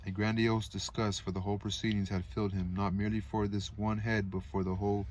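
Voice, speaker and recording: A man reading a novel aloud in a calm, steady way, with occasional casual asides. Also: lowish voice, fairly quick, a little hiss or hum. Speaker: audiobook reader.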